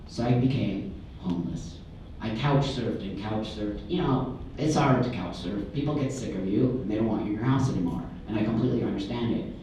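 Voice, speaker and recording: Middle-aged man, candid animated storyteller addressing a crowd; distant mic, very roomy hall. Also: fairly low pitch, a little hiss or hum. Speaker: speaker. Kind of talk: personal story told to an audience. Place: large room before an audience. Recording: echoey hall from far off.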